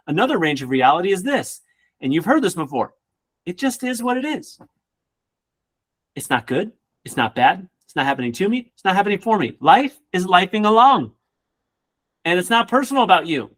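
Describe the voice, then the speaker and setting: A man who works as a real estate coach, giving an energetic motivational class with casual joking asides. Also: fairly high pitch. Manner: energetic, acts out quoted people in voices.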